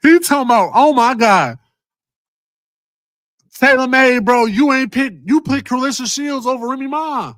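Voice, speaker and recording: A man hosting a casual commentary vlog, excitable and profane, often repeating himself. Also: very high-pitched, normal speed, long pauses, no echo, clean studio sound. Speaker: host.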